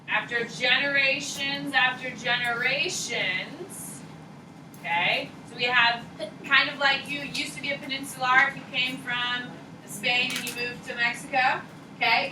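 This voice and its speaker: A woman history teacher lectures a class in a casual, emphatic way, stressing key points and checking in with "okay" as she goes. Her voice sits fairly high, and it comes from a distance in a roomy classroom with steady background noise. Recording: roomy echo, distant mic, noisy.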